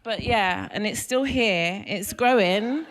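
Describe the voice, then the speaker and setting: A woman's voice: medium pitch, slow. A woman in her thirties with a London accent, doing a stand-up comedy set and teasing the crowd with questions. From England. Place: comedy club stage.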